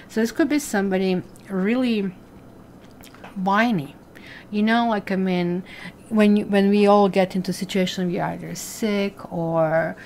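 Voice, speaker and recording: A woman's voice: mid-range voice, darkish tone, a little hiss or hum. A woman giving a casual tarot reading, talking straight to her viewers in a chatty way. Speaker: tarot reader.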